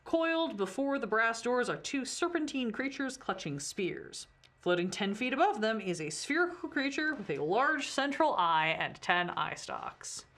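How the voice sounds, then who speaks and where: A woman's voice: on the high side, sing-song, unhurried, a bit bright. A woman narrating as game master of a tabletop game, chatty, with many fillers.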